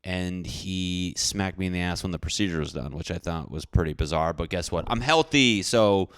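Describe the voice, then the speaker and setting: A man's voice: low-pitched, moderate pace, smooth, dry recording, clean studio sound. A young man hosting a casual podcast, rambling through jokes and rants in a self-deprecating way. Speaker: podcast host. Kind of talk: casual comedic podcast rant.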